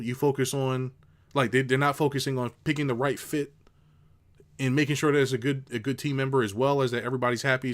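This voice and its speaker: A middle-aged man, a business coach, ranting casually to his viewers, swearing and mocking others. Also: medium pitch. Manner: ranting, swears, mocks people in put-on voices. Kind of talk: unscripted rant to camera.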